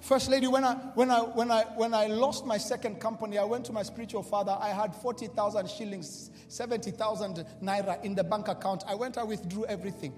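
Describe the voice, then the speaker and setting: A man preaching a sermon, shifting from quiet storytelling to shouted, repeated declarations with call-and-response. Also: high voice, steady tone, brisk, hardly any pauses, a little hiss or hum. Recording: reverberant hall with music behind.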